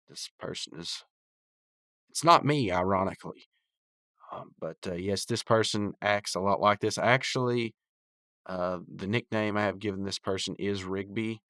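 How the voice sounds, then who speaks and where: A man's voice: sits low, fairly bright tone, no room sound, clean studio sound. A man hosting a podcast, recapping a cartoon episode in a rambling, chatty way full of restarts. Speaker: podcast host.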